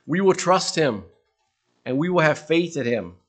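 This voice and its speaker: Guy preaching, slightly higher voice, earnest, asks lots of questions, trails off soft. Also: expressive, measured pace. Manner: earnest questioning, dropping soft at phrase ends. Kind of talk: sermon.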